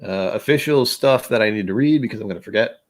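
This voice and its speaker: A man with a fairly low voice hosts a relaxed livestream. He talks casually and rambles, restarting sentences and poking fun at himself. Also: quick pace. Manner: rambling, self-deprecating, with frequent restarts. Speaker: host of a whisky livestream.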